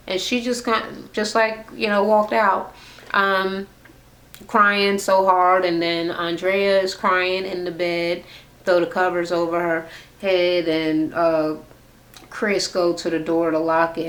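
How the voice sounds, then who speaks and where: A young adult woman vlogging a casual rant recap of a reality show, profane and animated, imitating the people she retells from a home room on a camera mic. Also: mid-range voice.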